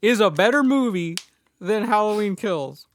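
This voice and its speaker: A man's voice: sits high, lively intonation, moderate pace. A man co-hosting a podcast, chatting about horror movies with short, dry interjections. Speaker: podcast co-host. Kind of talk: casual movie review chat.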